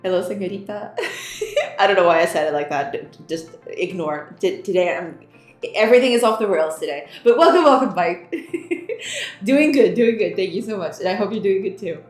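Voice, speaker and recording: A woman's voice: medium pitch, expressive, fairly quick. Giggly young woman streamer chatting. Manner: giggly, laughs often, trips over words. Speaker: game developer streamer. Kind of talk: casual livestream chat, greeting viewers. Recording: roomy echo, faint background music.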